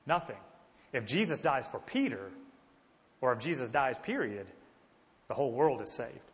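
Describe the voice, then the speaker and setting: A man's voice: medium pitch, very animated, normal speed, long reverb tail. A man teaching a Bible study in a conversational way, asking his listeners questions and answering them himself. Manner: conversational, asks the class questions.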